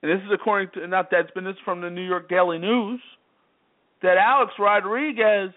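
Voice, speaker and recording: A man's voice: sits high, fairly even intonation, a little fast. A man hosting a sports talk show, delivering an emphatic, repetitive monologue that keeps hammering the same phrases. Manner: repetitive, emphatic, worked-up commentary. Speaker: sports radio host. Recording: tinny phone-line audio.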